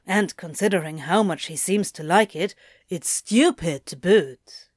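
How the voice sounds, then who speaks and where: A woman's voice: on the low side, a little slow, no echo, clean studio sound. A woman voicing a grumbling, prickly man. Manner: irritable, snappish. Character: prickly, grumbling adult man, easily flustered. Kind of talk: audiobook reading of fan fiction.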